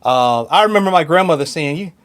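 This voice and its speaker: A man co-hosting a podcast, chatting enthusiastically and laughing often between points. His voice sits a little higher than most men's. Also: lively intonation, normal speed. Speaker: podcast co-host. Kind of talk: casual chat.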